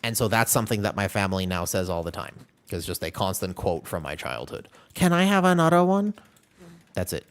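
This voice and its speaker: A man's voice: low-pitched, quick pace, few pauses, fairly bright tone. A man streaming a game, chatting casually and rambling while answering his chat.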